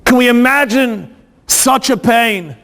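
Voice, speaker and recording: High-voiced male preacher telling a story. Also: slow, vocal fry, fairly bright tone. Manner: dramatic, asks rhetorical questions. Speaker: rabbi. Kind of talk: sermon storytelling. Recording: long hall reverb.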